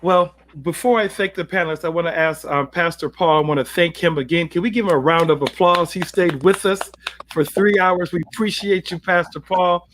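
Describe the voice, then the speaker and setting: A middle-aged man moderating a church panel, announcing upcoming forums briskly and repeating key phrases for emphasis. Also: high voice, steady tone, a bit bright, slight background noise. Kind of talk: announcing upcoming events to an online audience.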